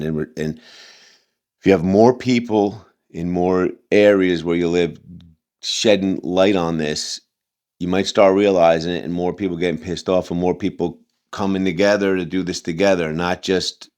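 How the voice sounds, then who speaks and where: A man with a low voice talks through a reaction commentary in a loose, heated ramble. He restarts sentences often and leans on fillers as he argues. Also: fairly even intonation, moderate pace. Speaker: commentary channel host.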